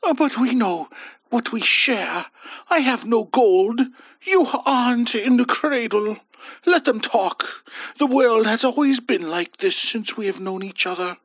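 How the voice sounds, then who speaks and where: A man voicing a gentle, doting old husband who is stubborn, with a soft cooing manner. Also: extremely high pitch, lively intonation, measured pace, no room sound, pitched above the performer's own voice, full character voice. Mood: tender. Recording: dull dry lo-fi voice.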